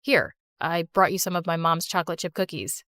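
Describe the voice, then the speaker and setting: A shy, soft-spoken teen boy, as a woman puts him on in an animated story. She drops her voice lower and quieter for him. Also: fairly quick, no echo, clean studio sound, lightly acted. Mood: sheepish.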